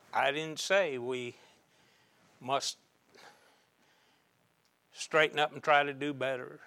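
A man delivers a sermon at an unhurried pace. His voice sits at a middle pitch and rises into loud emphatic bursts, then falls back to quiet, deliberate lines. The sound is dry, with almost no room around it. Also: no room sound. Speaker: preacher.

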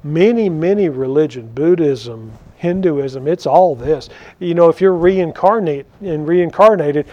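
A man teaching a conversational Bible study, animated and full of questions to his listeners. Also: a little high, a little slow. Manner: animated, rhetorical questions to the audience. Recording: dull lo-fi recording.

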